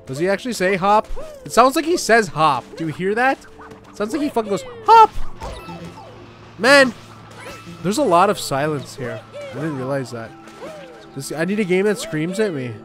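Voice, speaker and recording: A young man commenting on a game as he plays, swearing often and joking excitedly. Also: sits high. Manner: profane, excitable, jokey. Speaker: gaming YouTuber. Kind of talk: let's play commentary.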